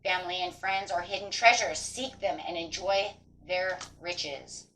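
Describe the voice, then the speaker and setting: A woman giving a casual spoken tarot reading, animated and encouraging, mixing card text with chatty asides and acted-out quotes. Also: fairly low pitch, unhurried, slight background noise, low-quality recording. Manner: acts out quoted inner voices. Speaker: tarot reader.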